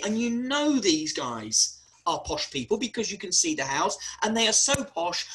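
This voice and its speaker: A university lecturer giving a webinar talk, animated and wry, often spelling words out letter by letter. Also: medium pitch, moderate pace, low-quality recording.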